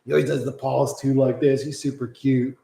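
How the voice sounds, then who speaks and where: A man's voice: medium pitch, level tone, a little fast, gravelly, dark tone. Profane, rambling man in an echoey room. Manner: loose and profane, cooing baby talk to his pet. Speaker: streamer. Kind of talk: casual live-stream chat.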